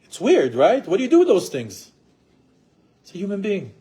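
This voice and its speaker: Middle-aged male teacher, animated lecture delivery, slightly high, warm mellow tone. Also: moderate pace. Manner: animated, rhetorical questions, acts out quoted spouses. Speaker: Torah teacher. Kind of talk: marriage class lecture.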